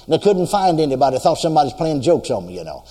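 Man, preacher, slightly high and animated voice, fervent and repetitive, long reverb of a big hall. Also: very fast, slightly rough. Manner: fervent, exclaims praises between sentences; repeats phrases for emphasis. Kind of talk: sermon.

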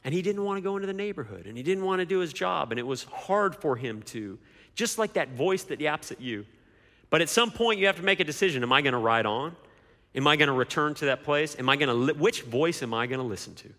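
A man's voice: on the high side, lively intonation, fast talker, sharp tone. A man preaching a sermon as pastor, emphatic, with repeated rhetorical questions. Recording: long hall reverb.

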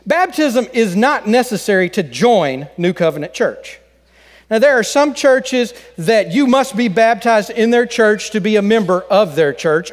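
A man's voice: sits high, big-room sound. A man preaching a sermon as pastor, folksy and joking with the congregation. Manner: folksy joke-telling.

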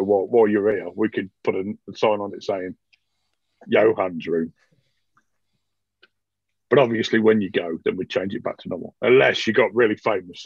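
A man's voice: on the low side, gravelly, slightly rough, no room sound, lo-fi sound, pitched below the performer's own voice. A man voicing an obsequious male innkeeper who rambles to please his guest. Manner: fawning, rambling.

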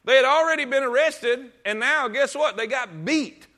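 A male pastor preaches to his congregation during a church service with an extremely high, sharp-toned voice at normal speed. He's emphatic, asks many rhetorical questions, and calls listeners to read along with him.

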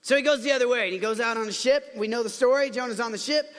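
A man with a high, bright, sharp voice speaks fast as he preaches a casual, story-driven sermon. He's chatty and full of playful asides, and a long reverb makes him ring as if in a large hall.

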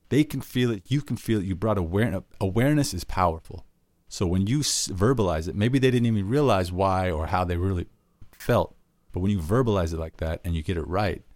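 Earnest low-voiced man giving podcast tips. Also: a little mellow, no echo. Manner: earnest, conversational, acts out example questions. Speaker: podcast host. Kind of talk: solo podcast teaching.

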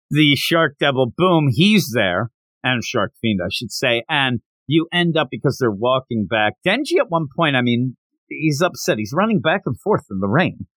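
Animated man recapping a manga chapter. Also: mid-range voice, no room sound. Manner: animated, acts out characters' lines in quick bursts. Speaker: podcast host. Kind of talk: casual manga discussion.

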